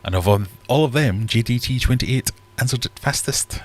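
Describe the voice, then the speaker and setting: A man's voice: mid-range voice, normal speed, few pauses, no echo. A man hosting a casual live-stream quiz, chatty and joking as he reads out the questions. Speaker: livestream quiz host.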